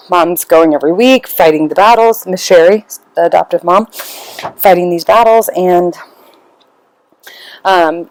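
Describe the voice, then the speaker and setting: A woman's voice: on the low side, a little mellow, a little hiss or hum, rough recording. A woman hosting a podcast, telling a story in a rambling, casual way and acting out the people in it. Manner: rambling, acts out quoted voices. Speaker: podcast host.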